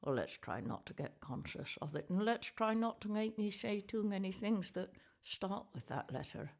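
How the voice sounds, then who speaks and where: A woman's voice: mid-range voice, big pitch swings, normal speed, creaky, voice pushed up. A woman voicing a cheeky, crude male monkey puppet in ventriloquist banter, blunt, sweary and dryly mocking. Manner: dry and mocking.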